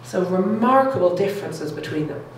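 Woman, middle-aged lecturer, low, keen and chatty, very echoey room. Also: lively intonation, normal speed. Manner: enthusiastic, keeps checking in with "okay?" and "all right?". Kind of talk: public science lecture. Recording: echoey room, distant mic, faint noise.

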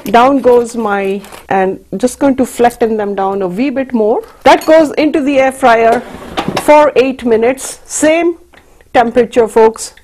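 A woman's voice: a little high, a little slow, a little mellow, slight background noise. Chatty woman hosting a cooking show. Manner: chatty, addresses viewers as folks. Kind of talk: cooking demonstration.

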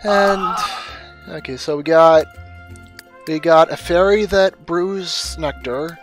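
Male streamer host, dry and blunt commentary, a slightly higher voice, faint music underneath. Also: slow pace. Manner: wry, dry and blunt, swears casually. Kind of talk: casual gameplay stream chat.

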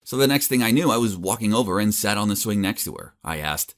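A man narrating a first-person story as an awkward, nerdy teenage boy, animated and exasperated. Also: on the low side, fast. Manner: animated, exasperated, self-mocking.

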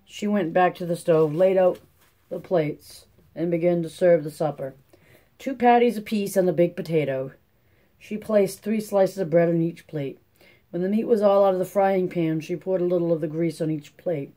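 Audiobook narrator, measured reading, mellow tone. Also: mid-range voice. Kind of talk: scripted narration.

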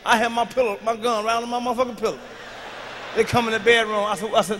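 A man doing a stand-up routine on an arena stage, loud and profane, shouting his punchlines into a handheld mic. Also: very high voice, level tone, fast, noisy background. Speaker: stand-up comedian. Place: large arena stage with live audience. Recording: live arena recording with long reverb.

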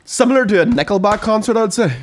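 A man's voice: high voice, animated, slight background noise. A man co-hosting a podcast, making crude jokes and backing up his co-host. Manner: quick agreeing interjections, dry crude jokes. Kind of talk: crude comedic banter.

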